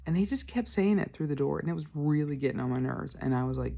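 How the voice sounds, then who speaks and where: A man's voice: medium pitch, steady tone, fairly quick, creaky, mellow. A man, hosting a podcast and telling a personal story candidly, full of "like" fillers. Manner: candid, rambling, lots of "like" fillers. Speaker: podcast host.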